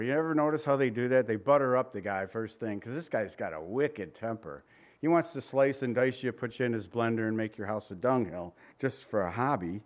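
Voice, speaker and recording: A man preaching a sermon, retelling old scripture passages in a relaxed, joking way with voiced asides. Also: mid-range voice, fairly quick. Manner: reads old-fashioned scripture passages aloud.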